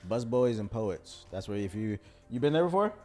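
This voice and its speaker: A man's voice: mid-range voice, soft background music. A man from Washington, D.C. co-hosting a livestream, telling stories in casual chat with slang. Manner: fast, animated storytelling with slang. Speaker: co-host.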